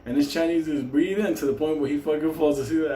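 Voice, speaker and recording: A man's voice: a little high, darkish tone. A man from New York telling a story casually, swearing constantly and laughing through his words. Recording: roomy echo, faint hum.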